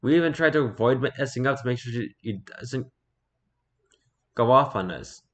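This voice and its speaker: A man reading online stories aloud in a casual, halting way, stumbling over words and breaking off to comment. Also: medium pitch, fairly bright tone. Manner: reads haltingly, stumbles and repeats words, then comments offhand.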